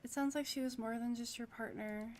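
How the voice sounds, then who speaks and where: A woman doing a laid-back elf street samurai from a video game, blunt and offhand. Her voice runs fairly high, with a faint hiss underneath. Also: steady tone, a little fast, close to an everyday voice.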